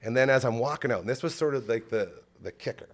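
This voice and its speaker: A man's voice: medium pitch, animated, fast talker. A man hosting a podcast, telling an emotional story in a rambling, casual way with lots of "like". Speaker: podcast host. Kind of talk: casual chat.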